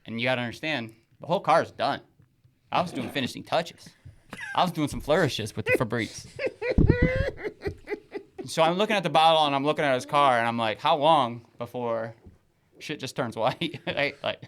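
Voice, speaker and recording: A man's voice: medium pitch, a little fast, pauses often, noisy background. A young man and podcast co-host, telling a story in casual chat, swearing freely and acting out other people's lines. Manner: animated storyteller, swears freely, acts out his father's rants.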